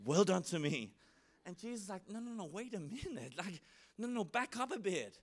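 A man preaching a sermon in a church, lively and humorous, often acting out the voices of the people he quotes. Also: high voice, fairly quick. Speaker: pastor.

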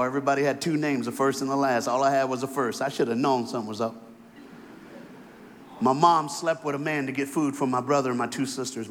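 Fervent preacher man in reverb hall. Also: mid-range voice. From Florida, USA. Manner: builds to fervent shouted, sing-song call-and-response. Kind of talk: sermon. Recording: long reverb in a large hall.

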